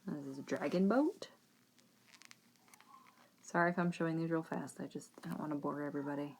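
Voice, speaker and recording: On her knitting podcast, a woman in her thirties speaks in a deep voice and fairly quickly. The conversation is casual and frank, tinged with fretting over her children's schooling, and there is faint background noise.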